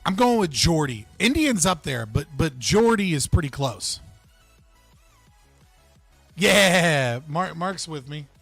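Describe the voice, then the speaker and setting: A man's voice: on the high side, sing-song, slow, long pauses, fairly bright tone, slightly rough, dry recording, faint music behind. A man hosting a live stream, reacting casually and bluntly, swearing and laughing while answering his chat. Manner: blunt, profane, laughs often, talks to chat.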